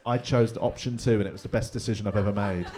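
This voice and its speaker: A man's voice: lowish voice, quick pace, crowd noise. Man in his forties doing stand-up. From England. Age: 40s. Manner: animated storytelling with mock voices and exclamations. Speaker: stand-up comedian. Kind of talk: stand-up comedy set. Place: pub comedy room with live audience.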